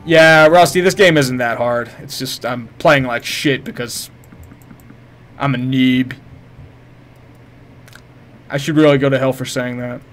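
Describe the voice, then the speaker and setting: A man's voice: mid-range voice, steady tone, unhurried, long pauses, fairly bright tone, soft background music. A man live-streaming a game, swearing, joking with viewers and hurling mock-heroic taunts at enemies. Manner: profane, jokey, chats with viewers. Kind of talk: casual live-stream commentary.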